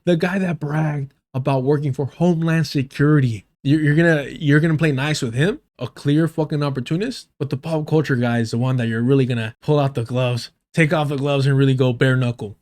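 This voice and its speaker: A man's voice: a little high, a little fast, few pauses. Profane mocking male streamer. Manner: profane, mocking, animated rants to chat. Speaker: streamer host reviewing a debate. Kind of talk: live-stream reaction commentary.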